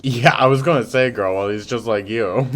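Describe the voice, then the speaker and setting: A man's voice: mid-range voice, normal speed, fairly bright tone. A man hosting a reaction video, talking casually, swearing and laughing often as he comments.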